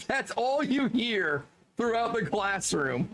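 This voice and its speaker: A man streaming, telling casual anecdotes in an animated way, laughing often and swearing freely. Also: sits high, slow pace, soft background music. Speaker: streamer reading chat.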